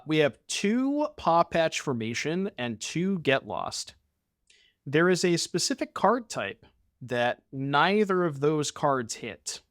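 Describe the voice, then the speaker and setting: A man's voice: fairly high pitch, a bit bright, no echo, studio quality. A young man streaming a card game, chatting casually and rambling to his viewers with the odd swear.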